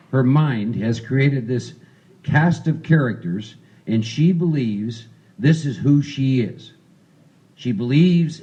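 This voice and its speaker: A man's voice: mid-range voice, mellow, highs cut off. A man leading a recovery workshop, talking casually and coaching volunteers through a role-play. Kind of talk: interactive recovery workshop talk.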